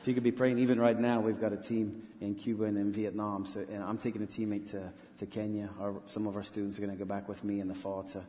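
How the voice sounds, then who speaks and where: A man with a lowish, mellow voice tells a story with earnest conviction, stopping and restarting as he goes. He is a missionary pastor being interviewed in church. His voice carries a long reverb from a large hall. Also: flat delivery. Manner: earnest, halting, many restarts.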